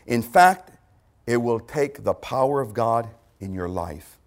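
A man preaching a sermon, shifting between hushed, quiet passages and loud, emphatic repeated cries. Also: medium pitch, lively intonation, a little slow.

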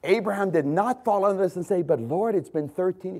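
A man preaching with a fairly high voice that leaps up and down in lively swings. He turns emphatic, then drops to a hush, and clears his throat as he corrects himself. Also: moderate pace. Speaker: pastor. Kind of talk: sermon.

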